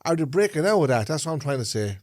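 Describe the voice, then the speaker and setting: A man's voice: on the high side, big pitch swings, quick pace, a little mellow, dry recording. Irish Traveller man, podcast co-host, rambling talker, dry close sound. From Ireland. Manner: rambling, checks in with "do you get what I'm saying". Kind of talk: casual chat.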